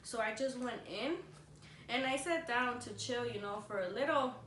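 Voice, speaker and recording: This vlogger co-host, a young woman, tells a casual, wandering story at mealtime, dropping "like" constantly and changing languages partway through sentences. She has a fairly high, fairly bright voice and a moderate pace. Echo, a distant microphone and faint noise color the audio.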